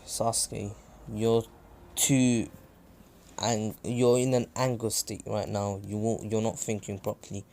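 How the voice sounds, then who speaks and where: A man voicing a calm, cold teenage boy ninja with a psychopathic edge, speaking low and quiet. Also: slow.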